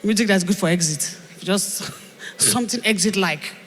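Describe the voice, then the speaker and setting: A woman's voice: mid-range voice, moderate pace, fairly bright tone, slight background noise. A woman emceeing a live event with a Nigerian accent, joking and playful, coining made-up words. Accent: Nigerian English. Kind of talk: live stage hosting. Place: large event hall. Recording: reverberant hall through PA.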